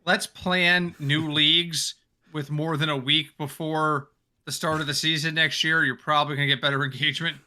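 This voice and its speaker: A man's voice: on the high side, level tone, normal speed, bright, forceful tone. A man co-hosting a football podcast, chatty and joking, a little tired, talking in casual chat. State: tired, yawning. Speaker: podcast co-host.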